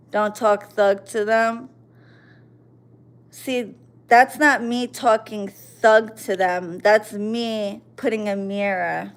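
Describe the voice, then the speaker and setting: Profane woman in her forties ranting. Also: medium pitch. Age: 40s. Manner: profane, confrontational, mocking. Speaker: livestream host. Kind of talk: angry ranting at commenters.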